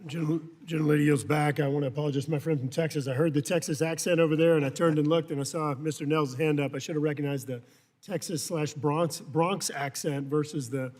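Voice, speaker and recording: Man chairing a committee, talks fast, slightly high voice, recognizes members and jokes a bit. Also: steady tone, darkish tone. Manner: brisk, procedural with loose asides. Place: large hearing room.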